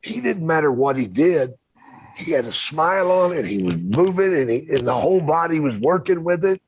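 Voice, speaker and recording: A man's voice: on the high side, big pitch swings, normal speed, a little hiss or hum. An older man co-hosting a podcast in casual chat, blunt and profane, often laughing as he talks. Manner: blunt, profane, laughs through his words. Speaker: podcast co-host.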